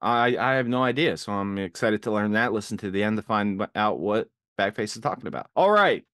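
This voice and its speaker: A man hosting a casual podcast, recapping a TV episode with animated retelling and acted-out quotes. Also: lowish voice, fairly quick, no echo, studio quality. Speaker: podcast host recapping a TV show.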